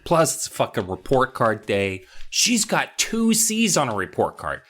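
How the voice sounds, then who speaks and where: A man's voice: medium pitch, wildly swooping pitch, a bit bright. Profane joking man recapping a story. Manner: profane, jokey, acts out characters in quick voices. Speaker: podcast co-host recapping a book. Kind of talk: casual comedic recap.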